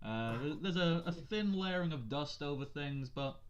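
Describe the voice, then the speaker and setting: A man running a tabletop game as game master, narrating in a relaxed way with many uhs and ums. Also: a little high, normal speed, dull audio, slight background noise.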